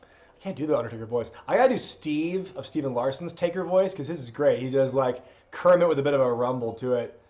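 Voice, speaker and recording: A man's voice: mid-range voice, fairly quick, darkish tone, dull audio. A man hosting a live wrestling watch-along stream, chatting casually, laughing, and reading out viewer requests. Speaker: streamer host.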